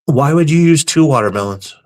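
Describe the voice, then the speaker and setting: A man hosting a live stream, reading viewer comments aloud and answering them with deadpan, crude, mock-serious jokes. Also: on the high side, a little fast. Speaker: livestream host reading chat. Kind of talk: casual live-stream banter.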